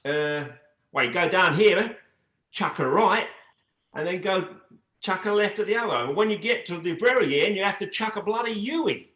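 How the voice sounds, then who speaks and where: A man's voice: sits high, expressive, moderate pace, sharp tone, echoey room, pitched above the performer's own voice. A man voicing a brash Australian man giving directions, with a slangy, jaunty manner and a put-on Australian accent.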